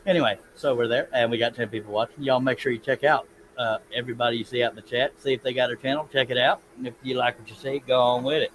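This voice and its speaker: A man hosting a casual live stream, folksy and quick to laugh, reading out chat messages. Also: mid-range voice, steady tone, fairly bright tone, slight background noise, low-quality recording. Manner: folksy, laughs often, reads chat aloud.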